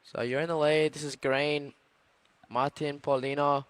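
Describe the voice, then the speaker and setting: Male surf caller, clear smooth voice, steady informative play-by-play. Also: a little high, measured pace, dry recording. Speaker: surf commentator. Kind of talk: live sports commentary.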